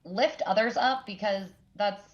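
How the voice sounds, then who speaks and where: A woman coach co-hosts a podcast and speaks slowly and thoughtfully. She sometimes hesitates before a point. Her audio is dull and lo-fi. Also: medium pitch. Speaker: instructional coach, podcast co-host. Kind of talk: casual podcast chat.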